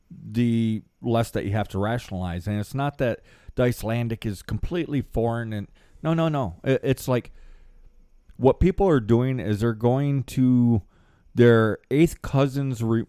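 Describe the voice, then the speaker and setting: A man's voice: medium pitch, warm tone, no echo, studio quality. A man co-hosting a casual discussion, agreeing often and adding his own analogies. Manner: agreeable, chimes in with affirmations and analogies. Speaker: podcast co-host.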